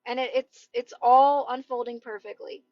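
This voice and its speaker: Loud, high-voiced woman coaching on a live stream. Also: fairly even intonation, moderate pace, dry recording, highs cut off. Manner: loud, emphatic, reassuring. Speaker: manifestation coach. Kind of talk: casual live-stream advice talk. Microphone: phone.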